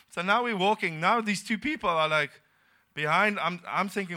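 Male South African pastor, bright, higher-pitched, animated storyteller in a church sermon. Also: moderate pace. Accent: South African English. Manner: animated storytelling, laughing often, acting out dialogue.

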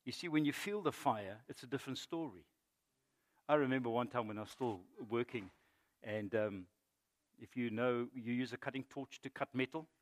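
In a church, a middle-aged male pastor delivers a sermon, moving from loud, emphatic preaching to quiet storytelling and back. He has a medium-pitched voice and speaks at a normal speed.

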